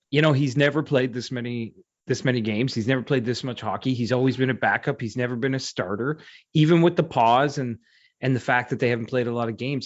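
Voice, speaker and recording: A man co-hosting a podcast, reasoning aloud in casual chat and hedging his points. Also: medium pitch. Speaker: podcast co-host. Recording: muffled lo-fi podcast audio.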